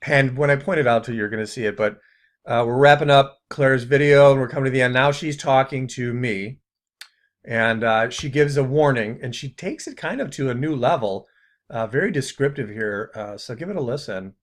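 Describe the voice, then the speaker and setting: A man hosting a commentary video, mocking what he plays with bursts of laughter and quiet trailing asides. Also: mid-range voice, normal speed.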